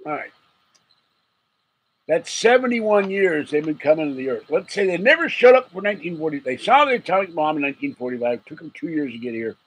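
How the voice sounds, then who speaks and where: A man's voice: a little high, very animated, fairly quick, slightly rough, rough recording. A man hosting a late-night livestream, rambling and joking with viewers, chuckling often and getting sleepy. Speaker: livestream host.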